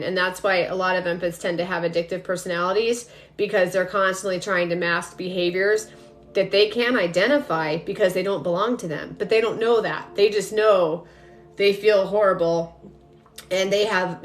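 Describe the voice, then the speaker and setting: A young adult woman, a spiritual energy coach, talking casually and directly to viewers on a live stream. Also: lowish voice. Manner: chatty, rambling, addresses viewers directly. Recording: faint music behind.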